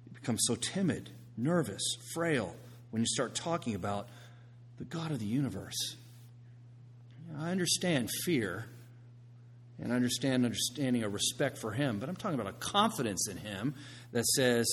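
A man preaching a sermon, swinging from hushed, quiet passages to loud, emphatic ones. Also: medium pitch, big pitch swings, moderate pace, a little hiss or hum. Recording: long reverb of a large hall.

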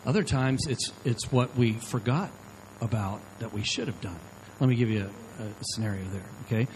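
A man's voice: mid-range voice, moderate pace, slight background noise, poor audio. A man preaching to a live audience into a handheld microphone, acting out the people in his stories. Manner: animated, acts out quotes of the people in his stories. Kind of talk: sermon storytelling to a live audience.

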